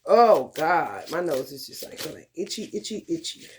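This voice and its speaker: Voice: mid-range voice, big pitch swings, normal speed, a little hiss or hum. A vlogger talking in a loose, profane monologue, laughing often and calling listeners honey and baby. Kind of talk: casual monologue.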